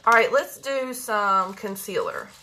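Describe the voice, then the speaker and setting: A woman's voice: medium pitch, expressive, a little slow, pushed and bright. A woman chatting casually with viewers while doing her makeup, joking and folksy, a little congested. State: congested with mucus. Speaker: beauty vlogger and medical practitioner. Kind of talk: casual live makeup chat.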